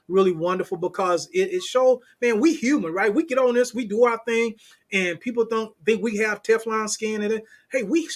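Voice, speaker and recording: A man guesting on a show as a crypto strategist, talking in a slangy, animated way and acting out what others said. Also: high voice. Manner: animated, slangy, acts out quoted voices. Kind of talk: casual interview chat.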